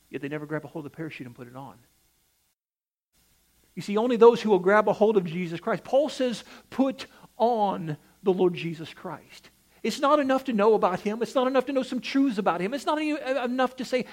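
Preaching at a slightly fast clip, this man has a voice that sits high with lively intonation. He delivers his sermon in an emphatic, rising-and-falling cadence and frequently asks the congregation direct questions.

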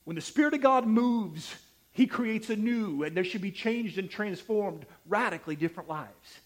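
A man preaching a sermon, emphatic and repetitive, with sharp swings between loud and soft delivery. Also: sits high, expressive, normal speed. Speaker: pastor.

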